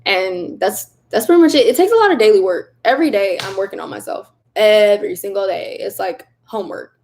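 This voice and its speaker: A young woman hosting a casual livestream, reading viewer comments aloud in a chatty, animated way and laughing often. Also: medium pitch, fairly quick, a little hiss or hum. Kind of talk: casual live chat.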